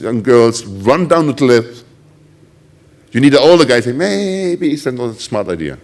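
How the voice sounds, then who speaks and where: A middle-aged man with a German accent giving a conference talk, telling ironic stories and acting out the quoted voices of others. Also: on the high side. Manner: animated, ironic storytelling with acted quotes. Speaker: conference speaker.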